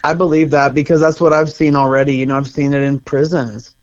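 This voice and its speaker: In this conversational interview, the guest, a middle-aged co-founder of a center, speaks fairly quickly in a somewhat high, darkish voice with flat delivery. He is earnest and reflective and laughs occasionally, all captured on slightly dull lo-fi audio.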